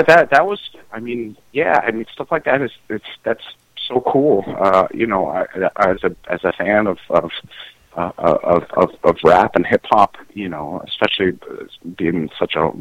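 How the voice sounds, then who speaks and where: A middle-aged man, a musician, talking in a casual interview, halting and full of restarts and fillers. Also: deep voice, no room sound, poor audio. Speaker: musician guest.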